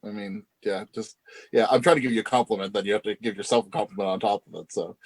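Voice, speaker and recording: A man's voice: lowish voice, expressive, fairly quick, a little mellow, breathy edge. A man co-hosting a casual podcast, teasing his co-host and laughing often.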